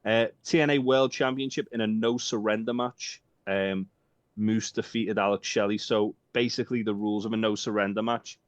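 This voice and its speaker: A man's voice: lowish voice, steady tone, normal speed, clean tone, no room sound. A man co-hosting a casual podcast, rambling and joking with lots of swearing and filler ums. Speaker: podcast co-host. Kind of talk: casual chat. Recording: dull dry lo-fi sound.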